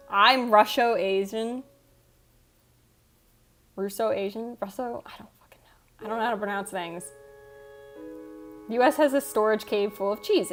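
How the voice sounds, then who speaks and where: A woman livestreamer with a mid-range, slightly bright voice chats casually with viewers and reads out their comments. She rambles, cuts herself off, and swears offhand, with faint music playing behind her.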